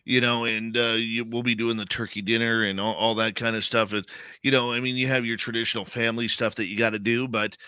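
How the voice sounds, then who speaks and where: A man hosting a radio show talks in a loose, heartfelt way, often tossing in "man". His voice is very bright and forward. The sound is dry and close, with no room around it. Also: mid-range voice, little pitch movement, fairly quick, clear, resonant tone, dry recording. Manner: conversational, heartfelt, says "man" a lot. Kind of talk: casual radio chat.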